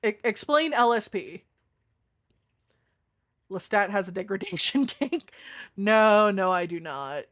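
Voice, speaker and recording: A young adult woman streamer chatting casually with her viewers, swearing freely, with a deeper voice than most women. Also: expressive, slow, pauses often, fairly bright tone. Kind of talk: casual live-stream chat.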